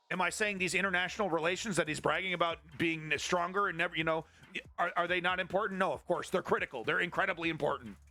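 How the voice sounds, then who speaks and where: A man's voice: on the high side, pushed and bright. Profane, ranting male stream host. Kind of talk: live-streamed political commentary.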